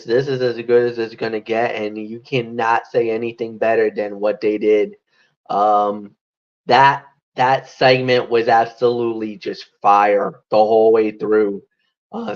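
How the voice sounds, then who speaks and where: A woman co-hosting a talk podcast, chatting excitedly and often restarting her sentences. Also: a bass voice, highs cut off. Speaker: podcast co-host. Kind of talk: casual chat.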